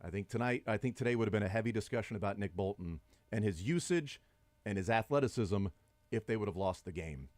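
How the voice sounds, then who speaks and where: A man's voice: fairly low pitch, lively intonation, fast talker, darkish tone, dry recording. A middle-aged man hosting sports talk radio, chatting and arguing his points at length. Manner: conversational, argumentative, builds long points.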